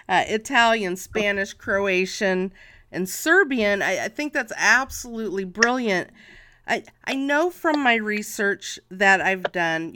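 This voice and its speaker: A woman's voice: medium pitch, sharp tone, a little hiss or hum. A woman hosting a podcast, enthusiastic but hesitant, often repeating words as she asks questions. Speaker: podcast host. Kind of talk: casual interview chat.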